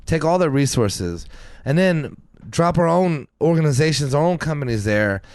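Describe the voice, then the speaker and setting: Animated, profane ranting man. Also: a little high, moderate pace, no room sound. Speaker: podcast co-host. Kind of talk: casual chat.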